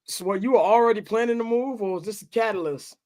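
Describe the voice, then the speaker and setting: High-voiced brash talk host. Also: male voice, fast talker, a little mellow. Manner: brash, joking, profane. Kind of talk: casual talk show hosting.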